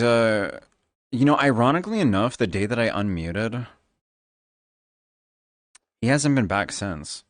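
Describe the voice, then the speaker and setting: A man's voice: mid-range voice, measured pace, pauses often, no echo. Flamboyant tipsy streamer guy. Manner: flamboyant, animated; Valley Girl lilt. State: tipsy from drinking. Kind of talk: casual stream chat.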